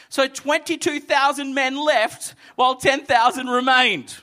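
In a church hall, a male pastor preaches to a seated congregation in a high, bright voice at a moderate pace, animated and lively as he acts out the story's characters. He moves between energetic retelling and quieter, earnest exhortation.

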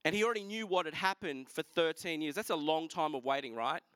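A man preaching a sermon, retelling a scripture story in a lively, casual way with asides to the congregation. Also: on the high side, brisk, no echo. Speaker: pastor.

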